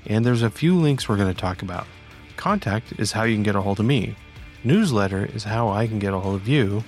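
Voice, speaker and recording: A man hosting a podcast about software testing and interviewing a guest in an upbeat way. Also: on the low side, lively intonation, a little fast, faint music behind. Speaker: podcast host.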